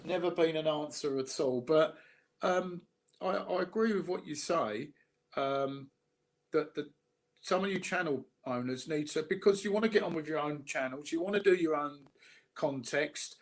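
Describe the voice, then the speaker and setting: Cockney man in casual chat; halting, repetitive delivery, blunt and sweary, slightly raised pitch. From South London.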